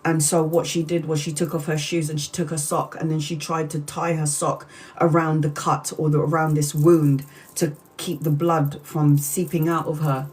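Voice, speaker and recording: Woman on a tarot live stream telling a dramatic story, lowish voice, chats to viewers as she goes. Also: moderate pace, hardly any pauses. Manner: animated retelling, acting out quoted speech; chatty, addresses viewers mid-story.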